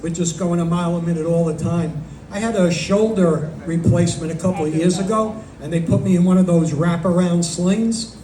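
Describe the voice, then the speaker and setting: A man's voice: sits high, fairly even intonation, brisk, mellow, a little hiss or hum. An older man with a New York Italian accent doing wisecracking open mic stand-up in a small bar. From Brooklyn, New York. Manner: wisecracking, self-deprecating. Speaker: stand-up comic. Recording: roomy, distant mic, faint ambience.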